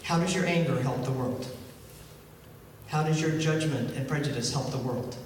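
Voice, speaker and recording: A man's voice: medium pitch, normal speed, a little hiss or hum. A male minister giving a conversational sermon, often asking the congregation questions. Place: church hall. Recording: echoey hall from far off.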